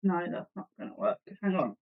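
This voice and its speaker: A woman's voice: on the low side, expressive, brisk, phone-quality sound. A woman hosting a casual live stream from her desk at home, chatting with viewers and her cat with a sarcastic, self-mocking humor.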